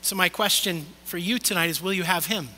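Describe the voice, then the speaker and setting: Earnest high-voiced pastor in a reverberant hall. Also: male voice. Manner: earnest, pleading, drops soft and slow for emphasis. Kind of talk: sermon. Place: church hall, also streamed online.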